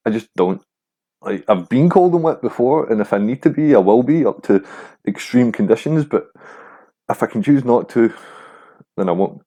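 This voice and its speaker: A man's voice: medium pitch, lively intonation, moderate pace, long pauses, dark tone. A young man hosting a casual solo podcast, rambling and swearing freely with a self-mocking streak. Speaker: podcast host.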